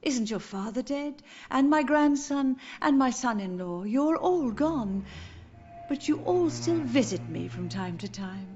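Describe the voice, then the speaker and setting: A woman voicing a grieving elderly mother in a game, speaking softly and tenderly, with a gentle, sorrowful manner. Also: fairly high pitch, expressive, unhurried, dull audio. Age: older. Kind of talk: game voice acting.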